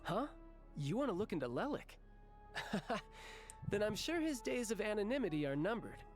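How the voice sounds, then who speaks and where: A man's voice: high voice, sing-song, normal speed. A man voicing a cheerful, confident young male villain in a game, breezy and chuckling as he gives orders. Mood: playful. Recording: game voice over faint music.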